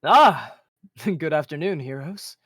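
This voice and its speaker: A man voicing a calm, kindly male mentor with glasses, who speaks in a measured, encouraging way and chuckles often. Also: fairly high pitch, breathy edge, no room sound, studio quality, pitched above the performer's own voice, full character voice. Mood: friendly.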